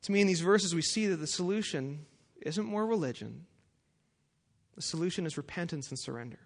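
A pastor giving a sermon and reading scripture aloud, emphatic and building to forceful peaks. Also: male voice, fairly high pitch, expressive, brisk, gravelly.

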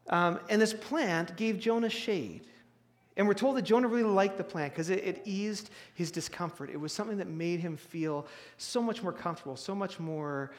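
A high-pitched man delivers a sermon, talking conversationally with restarts and bursts of emphasis. His voice rings with the long reverb of a large hall. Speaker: pastor.

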